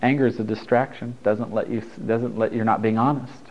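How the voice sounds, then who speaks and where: A man's voice: lowish voice, steady tone, brisk, lo-fi sound, a little hiss or hum. A man giving a loose, conversational spiritual talk to a group, laughing and swearing freely as he teaches.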